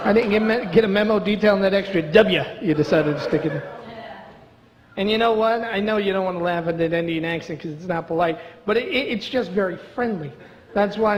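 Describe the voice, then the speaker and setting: High-voiced sarcastic stand-up comedian. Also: male voice, highs cut off. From Brooklyn, USA. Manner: sarcastic, chatty, teasing the audience. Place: comedy club stage. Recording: reverberant live club with audience noise.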